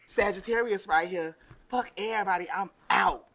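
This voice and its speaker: A co-host in a casual chat, talking in quick back-and-forth with the others. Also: male voice, high-pitched, fairly bright tone.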